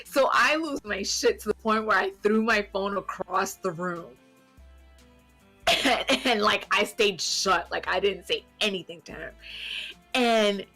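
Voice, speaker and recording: A woman's voice: mid-range voice, measured pace, faint music behind. A young woman on a podcast, telling a story in casual chat, laughing often and swearing freely. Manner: animated, laughing, swears freely, acts out quotes. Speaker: podcast co-host.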